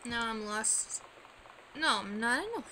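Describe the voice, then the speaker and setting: A woman with a high voice plays through a game and talks to herself the whole way. She swings between tired murmurs and sudden loud yelps. Game noise stays clearly audible behind her. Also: expressive, normal speed, rough recording. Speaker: let's player. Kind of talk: gaming commentary. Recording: gameplay with clear background noise.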